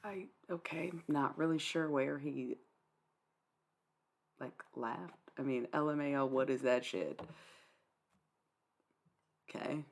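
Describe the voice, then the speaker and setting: Replying to her live chat, a young woman speaks slowly in a very deep, creaky voice, pausing often. Her answers are blunt and sarcastic, dismissive, and loaded with swearing.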